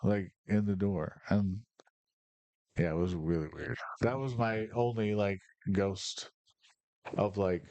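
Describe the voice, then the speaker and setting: A man's voice: lowish voice, steady tone, takes it slowly, darkish tone, no echo. A man from Michigan telling rambling personal stories on a casual podcast, profane and fired up. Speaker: podcast host. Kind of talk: casual storytelling.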